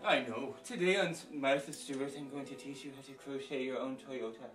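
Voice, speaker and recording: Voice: mid-range voice, a little fast, pitched below the performer's own voice, natural voice. Crude bossy snowwoman puppet, voiced by the host, echoey room, mic far off, music going. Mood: snarky. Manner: crude and blunt. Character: foul-mouthed female snowperson puppet, crude and blunt.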